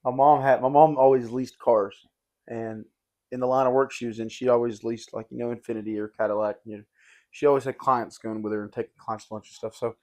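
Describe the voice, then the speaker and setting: A young man with a drawl spins a story for his podcast friends. He rambles, leans on "like" and "dude", and gets animated as the tale builds. His voice sits at an everyday middle pitch. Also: a little fast. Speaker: podcast host. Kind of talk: casual storytelling chat.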